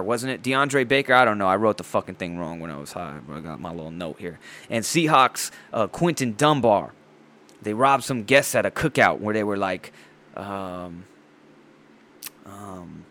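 A man's voice: mid-range voice, a bit bright. A man hosting his own show, ranting in a profane, rambling way about movies and sports news. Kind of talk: casual ranting monologue.

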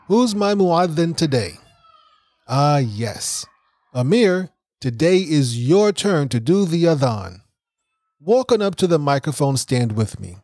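A man's voice: fairly high pitch, a little mellow, dry recording, studio quality, full character voice. A man voicing a friendly school principal who welcomes his students in a storybook reading.

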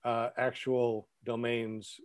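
A man co-hosting a casual chat who explains comment rules. He speaks haltingly, repeating words as he goes. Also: medium pitch, little pitch movement, no echo, studio quality. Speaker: co-host moderating chat.

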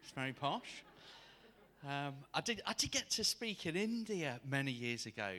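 A man preaching a sermon to a congregation, telling a personal story in an animated way and acting out the people in it. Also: fairly high pitch, moderate pace. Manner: animated, acts out quoted voices. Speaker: guest preacher.

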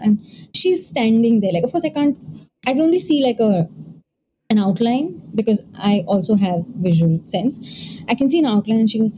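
A woman's voice: fairly high pitch, moderate pace. A woman, casually telling a ghost story and acting out the voices, often checking in with "okay?". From India. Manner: animated, acts out quoted voices, frequent "okay?" check-ins. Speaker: storyteller host. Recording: noisy background ambience.

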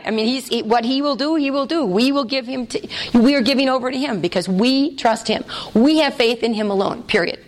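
Lively woman teaching scripture. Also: fairly high pitch, a little fast, a little hiss or hum. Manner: lively, playful, laughs often, acts out voices. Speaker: Bible study teacher.

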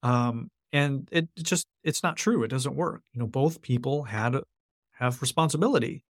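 A man's voice: medium pitch, normal speed, no echo. A man as a podcast guest, explaining his ideas earnestly in conversation and repeating key phrases for emphasis. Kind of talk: conversational interview.

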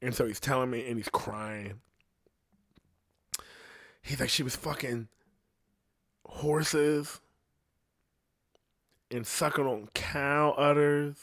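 A man's voice: medium pitch, fairly even intonation, slow, pauses often, no room sound, clean studio sound. Profane, rambling male storyteller. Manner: crude, profane, rambling with laughs. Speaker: podcast storyteller. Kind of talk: casual storytelling.

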